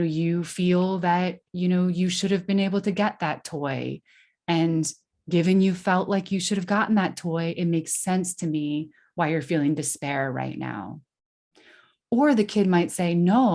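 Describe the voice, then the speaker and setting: Lowish-voiced woman on a podcast, earnest, lots of "like" and restarts, explaining parenting stuff. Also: a little slow, a little mellow. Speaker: podcast guest giving parenting advice. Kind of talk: conversational interview answer.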